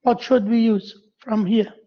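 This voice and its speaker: A male university lecturer giving a grammar lesson to a class, halting and repeating himself as he quizzes his students. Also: high voice, steady tone, highs cut off.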